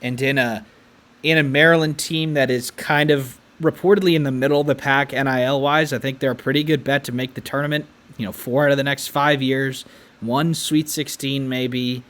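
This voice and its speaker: A man's voice: medium pitch, steady tone, a bit bright. Man rattling off college basketball stats. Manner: stat-heavy, measured, some restarts. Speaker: podcast co-host. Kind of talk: casual sports analysis chat.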